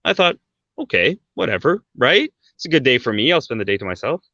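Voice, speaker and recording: A man in his thirties chats through a personal story as a podcast guest, peppering his talk with "right?" and "like". His voice sits at an ordinary middle pitch. The recording is dull and lo-fi, with a dry, close sound. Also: very animated, brisk, pushed and bright, no echo. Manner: conversational, fillers like "right?" and "like". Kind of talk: casual storytelling.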